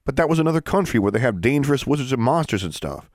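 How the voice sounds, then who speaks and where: A man's voice: mid-range voice, big pitch swings, fast talker, no room sound, studio quality, voice pushed up, natural voice. A man reading an audiobook voices a disgruntled young schoolboy wizard who complains. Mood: complaining.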